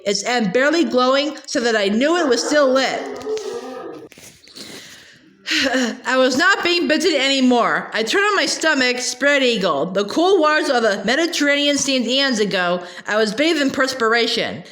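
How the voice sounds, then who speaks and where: High-voiced woman reading a novel aloud. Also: lively intonation, a bit bright. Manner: halting, with many filler sounds and restarts. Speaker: audiobook reader.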